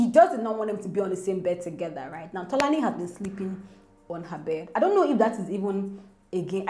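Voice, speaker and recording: A woman, chatting excitedly as a gossip vlogger to her viewers. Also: on the low side, a little hiss or hum. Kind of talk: casual gossip commentary to viewers. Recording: roomy echo with faint music.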